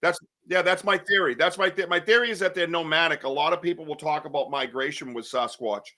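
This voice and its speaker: Male host. Bright, lively, joking, casual swearing. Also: fairly high pitch, fairly quick. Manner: animated, joking, swears casually, laughs often. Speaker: podcast host. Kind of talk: casual chat.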